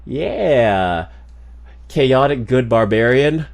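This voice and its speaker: A man's voice: mid-range voice, lively intonation, drawn-out words, vocal fry. A man streaming live, chatting casually with his viewers in a playful, rambling way with lots of repeats and laughs. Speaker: streamer reacting to videos and reading chat.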